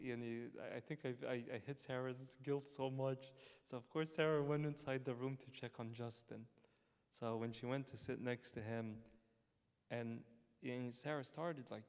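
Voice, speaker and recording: A priest giving a conversational sermon built on personal stories, with frequent stammering restarts and chuckles. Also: male voice, medium pitch, fairly even intonation, normal speed, darkish tone, smooth. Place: church hall. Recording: long church-hall reverb.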